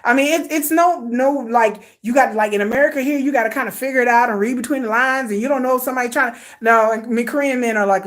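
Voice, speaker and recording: A woman's voice: fairly high pitch, fast talker, few pauses. An older woman hosting a livestream, talking bluntly and emphatically in casual slang, firing off repeated rhetorical questions at her viewers. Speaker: host. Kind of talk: livestream commentary rant.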